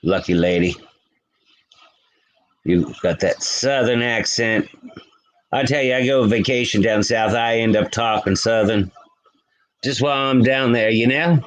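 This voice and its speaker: A man's voice: medium pitch, measured pace, pauses often, poor audio. A man hosting a late-night live stream from home, chatting loosely and greeting viewers in the chat by name. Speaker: livestream host. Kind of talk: casual live-stream chat reading comments.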